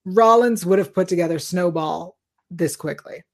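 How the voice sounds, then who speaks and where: A woman's voice: fairly low pitch, normal speed. A woman co-hosting a podcast, talking through her points in a casual fan recap. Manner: chatty and reasoned, builds points with fillers. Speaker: podcast co-host.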